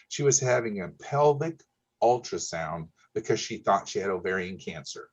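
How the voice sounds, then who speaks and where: A man's voice: lowish voice, lively intonation, fairly quick, lo-fi sound. A man, an insurance broker telling client stories in a folksy, emphatic way, often checking in with "okay?". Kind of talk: casual storytelling.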